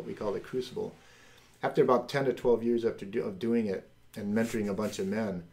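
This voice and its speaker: A middle-aged man hosting a podcast, telling a personal faith testimony and acting out the voices of people in it. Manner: animated, acts out quoted voices with big pitch jumps. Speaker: podcast host.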